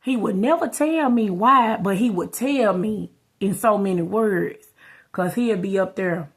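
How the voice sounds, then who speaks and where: A woman's voice: mid-range voice, a little slow, husky. Rambling woman telling her story. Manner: rambling, addresses viewers as y'all. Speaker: vlogger. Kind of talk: casual storytelling vlog.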